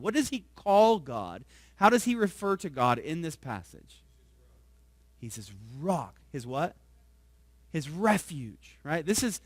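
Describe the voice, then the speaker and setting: A pastor with a high, bright voice preaches to his congregation and keeps checking in with "right?". His delivery jumps from hushed asides to forceful, emphatic lines. The sound is close and dry, with no room echo. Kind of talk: sermon.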